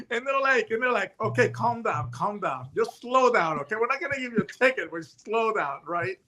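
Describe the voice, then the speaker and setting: A man in his late fifties, a retired hostage negotiator, telling stories in a casual chat, animated and full of restarts and voiced quotes. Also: extremely high pitch, normal speed. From United States. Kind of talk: casual storytelling.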